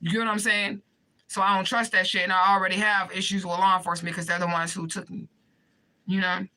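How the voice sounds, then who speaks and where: A woman vlogger rants straight to camera, swearing often and pleading with her viewers through emphatic repetition. Her medium-pitched voice is level in tone, quick, pushed and bright, impassioned, and the recording is low quality.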